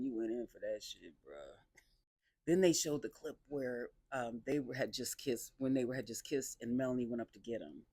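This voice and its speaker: A woman casually recapping a dating reality show, talking in an animated, sassy and exasperated way. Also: extremely low pitch, dry recording, studio quality.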